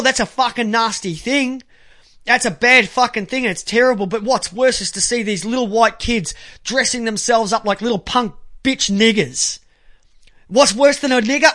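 A man ranting crudely to camera, halting when he reads aloud. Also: extremely high pitch, bright, forceful tone. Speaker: vlogger. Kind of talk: angry profane monologue to camera.

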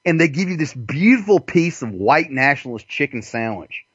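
Crude, animated man ranting. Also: on the high side, moderate pace, husky, no room sound, dull audio. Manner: crude, mocking, animated delivery with frequent swearing. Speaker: podcast host. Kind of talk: profane ranting monologue.

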